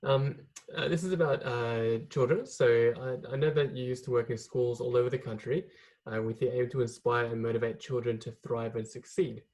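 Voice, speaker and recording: A man's voice: mid-range voice, steady tone, normal speed, a little mellow, rough recording. A man hosting a podcast, asking interview questions in a hesitant, encouraging way. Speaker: podcast host.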